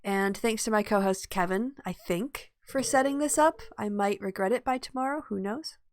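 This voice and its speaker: A woman's voice: mid-range voice, normal speed. A woman co-hosting a casual online chat show, rambling and laughing often. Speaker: podcast co-host. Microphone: video call.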